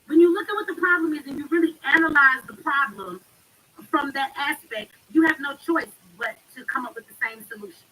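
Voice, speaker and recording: A woman's voice: high-pitched, a little fast, bright, forceful tone, poor audio. A woman hosting a live stream, ranting with fire and profanity while answering her chat. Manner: fiery, profane, addresses the chat directly. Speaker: livestream host.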